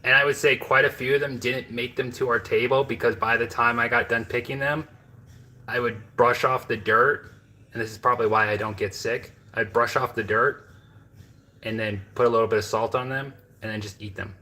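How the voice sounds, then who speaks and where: Bright-sounding guy rambling at his camera in his kitchen, lots of um and like. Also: medium pitch, steady tone, moderate pace, low-quality recording. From American Midwest. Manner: rambling, many fillers and self-asides. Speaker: home cooking vlogger. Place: home kitchen.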